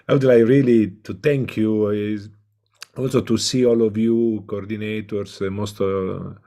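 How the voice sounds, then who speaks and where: A man with an Italian accent, a professor giving a welcome talk online with many pauses and filler sounds. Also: on the low side, dark tone. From Italy. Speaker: professor, invited lecturer.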